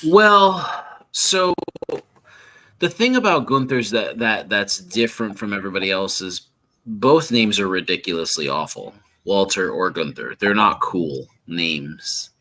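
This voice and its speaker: Animated man chatting about wrestling. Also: on the low side. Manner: animated, swearing, jumps in with quick asides. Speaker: podcast co-host. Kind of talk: casual wrestling chat.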